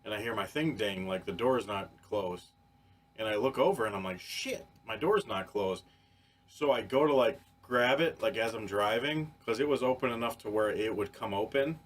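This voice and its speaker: A man on a podcast telling a story in casual chat, animated and profane, with many restarts. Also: on the low side, moderate pace. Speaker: podcast co-host.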